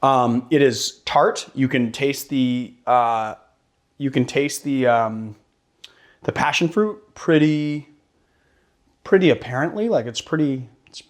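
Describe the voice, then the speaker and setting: A man's voice: mid-range voice, takes it slowly, long pauses. A man hosting a cocktail show, chatting casually and joking while he mixes and tastes a drink. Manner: casual and joking, with fillers and curses. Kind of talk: casual cocktail demo and tasting.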